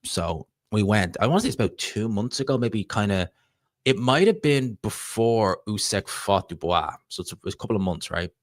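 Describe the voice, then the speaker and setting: A man's voice: lowish voice, lively intonation, normal speed, dry recording, clean studio sound. A man with a Dublin Irish accent hosting a casual live stream, rambling chattily and reading out viewer comments. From Ireland. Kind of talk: casual live-stream chat about boxing.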